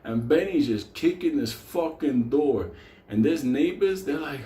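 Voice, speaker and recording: A man's voice: a little high, expressive, a little slow, mellow, roomy sound. A man telling a wild story in a rowdy, profane way, often laughing as he talks.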